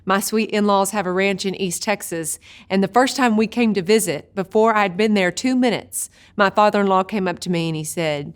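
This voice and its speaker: A woman teaching a video Bible study, an expressive storyteller who slows down for vivid images. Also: mid-range voice.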